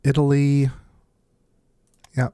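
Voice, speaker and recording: A man's voice: mid-range voice, completely flat delivery, slow, dark tone, smooth, no echo, studio quality. Stuffed-up man musing over a strategy game. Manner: thinks aloud, muttering asides. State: stuffed-up nose. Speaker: let's play host. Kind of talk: casual strategy game commentary.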